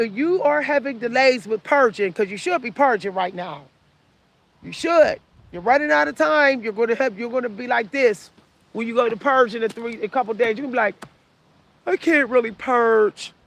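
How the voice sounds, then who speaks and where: A woman's voice: fairly high pitch, expressive, normal speed. A woman in her forties giving casual advice to her viewers, preachy and repeating herself for emphasis. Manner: preachy, repetitive, talks straight to the audience. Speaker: vlogger.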